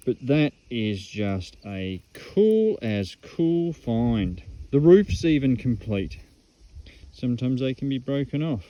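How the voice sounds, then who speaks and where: An Australian man excitedly showing off metal detecting finds at an old rubbish dump, in a casual outdoor vlog full of slang. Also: medium pitch, slow, muffled recording.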